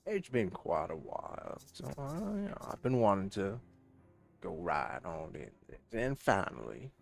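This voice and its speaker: A man's voice: deep voice, big pitch swings, unhurried, vocal fry, soft background music. A man streaming a video game, chatting casually and playfully, reading the game's text aloud in a half-put-on cowboy drawl. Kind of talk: casual let's-play commentary.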